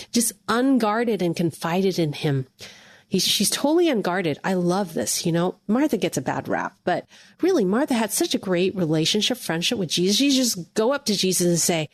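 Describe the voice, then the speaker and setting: A woman's voice: lowish voice, husky, no echo, clean studio sound. A woman hosting a devotional podcast, speaking earnestly and encouragingly straight to the listener. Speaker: podcast host.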